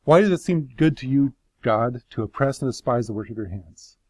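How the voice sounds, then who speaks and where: A man's voice: mid-range voice, lively intonation, a little fast, a little mellow, dry recording, natural voice. A man voicing a suffering man who pleads his innocence before God, passionate and bitter. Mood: anguished.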